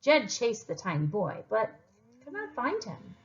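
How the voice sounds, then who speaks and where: A woman teacher reading a story aloud to children, expressive and encouraging. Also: on the high side, measured pace, dull audio.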